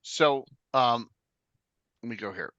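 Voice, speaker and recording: A man's voice: mid-range voice, takes it slowly, fairly bright tone, clear, resonant tone, no room sound, dull audio. A middle-aged man hosting a casual tabletop gaming chat, rambling with many fillers and restarts. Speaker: podcast host.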